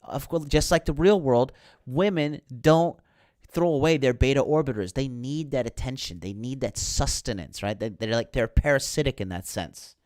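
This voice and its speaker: A male podcast host in mid rant, swearing freely and sneering at every plot turn. His voice is smooth and resonant, recorded close with no room echo. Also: medium pitch, moderate pace, a little mellow. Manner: profane, heated, sarcastic. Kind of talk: ranting film commentary.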